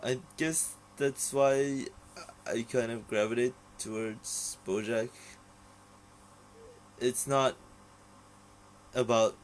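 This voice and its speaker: A man's voice: medium pitch, fairly even intonation, takes it slowly, pauses often, slight background noise, poor audio. A young man ranting casually about a TV series, rambling and swearing, with many fillers and restarts. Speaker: vlogger reviewing a TV series. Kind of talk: casual unscripted rant.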